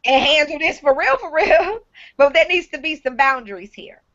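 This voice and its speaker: A woman hosts a live online talk show in a high, bright register. She gives blunt, frank advice and swears casually. The stream audio is dull and lo-fi. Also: animated, normal speed.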